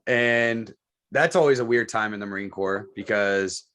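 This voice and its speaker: This podcast co-host has a lowish, clean-sounding voice and talks at a normal speed. His military anecdotes come out crude and lively, and he imitates whoever he's quoting.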